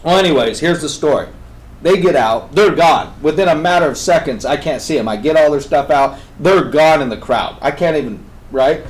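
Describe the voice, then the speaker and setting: A man on a talk show, telling a story with energy. He swings between loud, emphatic bursts and hushed, intense passages. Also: on the high side, animated, normal speed, low-quality recording. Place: radio studio.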